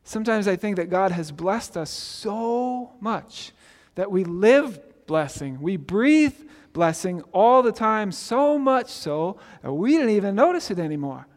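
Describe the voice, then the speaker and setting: A man's voice: high-pitched, sing-song, a little slow, few pauses, big-room sound. A male pastor preaching a sermon in a conversational way, often asking "right?" and restarting words.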